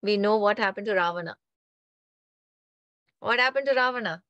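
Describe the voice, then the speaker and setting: A woman telling a religious story in a lively, conversational way, often checking in with her listeners. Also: mid-range voice, moderate pace, dry recording, dull audio. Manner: animated, conversational, frequent "right?" tags. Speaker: spiritual storyteller. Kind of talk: storytelling talk on mythology.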